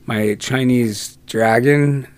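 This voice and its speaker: A man's voice: medium pitch, very slow, dry recording. Profane, laughing man telling stories. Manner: profane, laughing often, animated. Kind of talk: casual storytelling.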